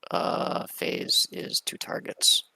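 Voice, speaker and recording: A man's voice: slow pace, sharp tone, dry recording. A man playing in a game group, chatting casually over voice chat and explaining things plainly. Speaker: player in a raid group. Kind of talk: casual voice chat while gaming.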